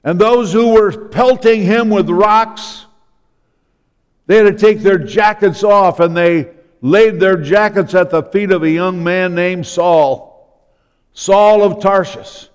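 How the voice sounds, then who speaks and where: A man's voice: high-pitched, slow, clear, resonant tone. A man preaching a sermon, retelling scripture stories and voicing the people in them. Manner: storytelling, acting out the biblical speakers. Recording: long hall reverb.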